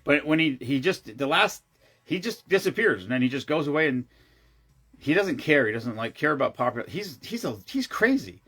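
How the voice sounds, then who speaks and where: This man's fairly high, sing-song voice moves at a moderate pace and sounds a bit bright and slightly rough. A regular on the show, he chats casually and tells a story, rambling and often restarting sentences, with blunt, profane asides.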